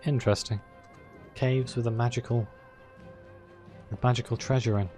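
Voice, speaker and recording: A man's voice: mid-range voice, steady tone, moderate pace, warm tone, soft background music. Chatty man playing a game. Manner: chatty, self-deprecating, thinking aloud. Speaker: let's-play gamer. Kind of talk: casual gameplay commentary, reading dialogue aloud.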